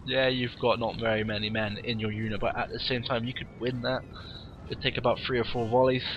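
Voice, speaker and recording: A man with a cold, casually commentating a game replay in a warm room at home with wry, rambling asides. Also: medium pitch, level tone, brisk, lo-fi sound, slight background noise. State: has a cold, sniffly.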